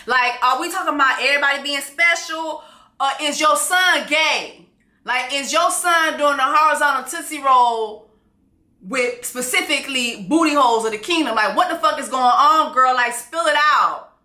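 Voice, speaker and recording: A brash woman recapping a show in loose, profane, animated storytelling. Her voice sits a little high and sounds very bright, and the room adds a clear echo. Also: normal speed. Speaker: YouTube recap host.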